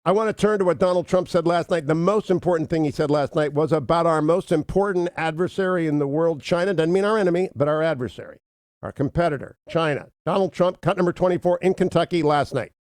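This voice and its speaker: A man's voice: fairly high pitch, fast talker, no echo. A male radio host giving a conversational, wry talk-show monologue from a studio mic. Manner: conversational, wry, cues up clips.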